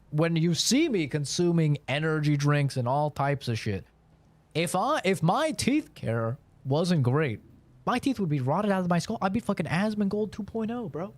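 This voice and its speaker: A man in his twenties chatting casually on a live stream, boastful and profane in his banter. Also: on the high side.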